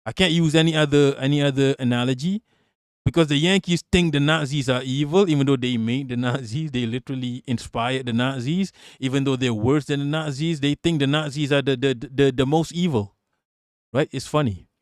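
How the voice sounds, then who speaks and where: A man's voice: mid-range voice, fairly quick, no room sound, clean studio sound. A man giving a heated, profane live-stream rant, often repeating words as he pushes on.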